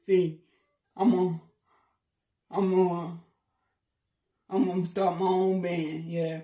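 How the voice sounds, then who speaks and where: A man's voice: sits high, flat delivery, slow pace, long pauses, dark tone, recorded from a distance. A man joking around in a casual vlog, playful and teasing, repeating his lines. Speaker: vlogger. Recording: echoey room.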